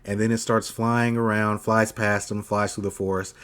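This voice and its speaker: A man with a fairly low voice cohosts a laid-back podcast. He tells the story with big energy, jumping into goofy voices for the characters and cursing and laughing as he goes. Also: moderate pace, clear, resonant tone. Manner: animated storyteller, acts out quotes in funny voices, swears and laughs. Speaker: podcast co-host. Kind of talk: casual chat recapping an anime.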